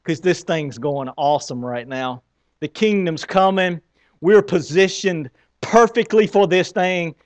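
Man preaching, higher-pitched and conversational. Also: unhurried. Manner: conversational, asks the congregation questions and moves about the stage. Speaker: pastor. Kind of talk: Easter sermon.

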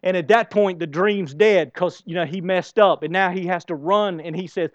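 A man preaching a sermon, telling the story in a conversational way and swinging between hushed and loud, emphatic passages. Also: high-pitched, normal speed, few pauses, dry recording, muffled recording. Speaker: pastor. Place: church.

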